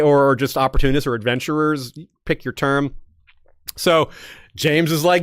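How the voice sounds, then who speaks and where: A man's voice: on the high side, moderate pace, dry recording, clean studio sound. A man hosting a history podcast, telling the story in a casual, joking way with frequent restarts. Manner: joking, animated, restarts often.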